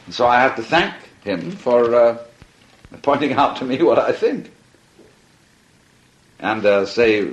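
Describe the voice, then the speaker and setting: A man's voice: mid-range voice, animated, a little slow, long pauses, muffled recording. A man giving a reflective lecture talk, musing and telling stories, often breaking into laughter. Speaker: speaker.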